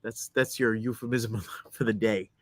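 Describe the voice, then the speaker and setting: A man's voice: lowish voice, fairly even intonation, a little slow. A man co-hosting a podcast in casual chat, joking dryly and often restarting his sentences. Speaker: podcast co-host.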